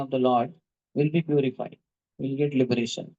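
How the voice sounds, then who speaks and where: A man's voice: medium pitch, a little fast, lo-fi sound. A man giving a devotional talk, telling stories with rhythmic repetition and questions to his listeners. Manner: animated storyteller, repeats words rhythmically, asks the audience questions. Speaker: speaker at a devotional class.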